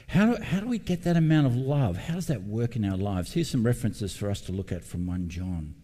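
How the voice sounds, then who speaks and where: A man's voice: on the low side, animated, fairly quick, hardly any pauses, warm tone, big-room sound. A middle-aged man preaching a sermon as pastor, earnest and personal, repeating his key points for emphasis. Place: church building.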